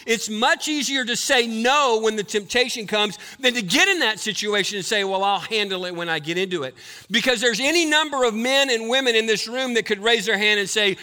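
A man preaching a sermon in church, building to loud passionate declarations and dropping low to explain. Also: lively intonation, normal speed. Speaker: pastor. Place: church sanctuary.

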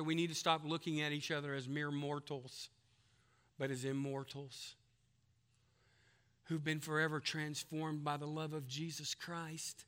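A man preaching a sermon, emphatic, telling a long joke and acting out its characters. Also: clean tone. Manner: plays characters in a told story with big pitch jumps; drops to a soft, hushed delivery.

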